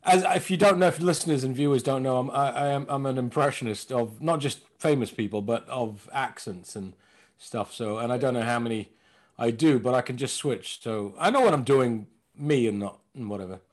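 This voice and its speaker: A comedian from London with an American-tinged accent, joking and rambling in a casual interview. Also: male voice, medium pitch, fairly quick. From London, England. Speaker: comedian guest.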